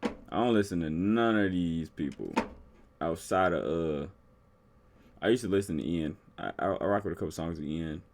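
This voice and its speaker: A man's voice: low-pitched, normal speed, vocal fry, slight background noise. A man from the Washington DC area giving casual, slangy reaction commentary to a video. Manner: slangy, offhand, talks back to the video.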